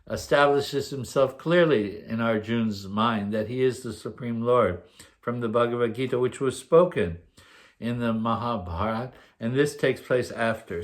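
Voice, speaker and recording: A man gives a scripture class in a mid-pitched voice. He reads the verses aloud, chants the Sanskrit lines slowly and explains them with many pauses and fillers. The delivery is measured and explanatory. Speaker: scripture teacher. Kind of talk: scripture class reading and commentary.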